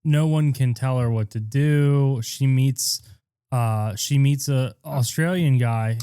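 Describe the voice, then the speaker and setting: Male co-host, dark mellow voice, dry close mic, rambling profane storyteller. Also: medium pitch, slow, smooth, no echo. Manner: rambling, profane, animated retelling with quoted voices. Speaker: podcast co-host. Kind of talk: casual crude storytelling chat.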